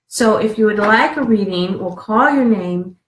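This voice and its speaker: A woman's voice: medium pitch, normal speed, reverberant, a little hiss or hum, poor audio. A woman co-hosting a live-stream card reading, chatty and laughing as she reads out names.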